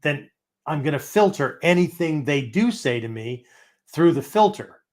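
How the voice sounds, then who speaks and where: His voice is on the high side and expressive, at a normal speed. As host of a martial arts philosophy program, he teaches casually, tagging almost everything with "right?" or "okay?" and demonstrating by acting out breathing and angry voices.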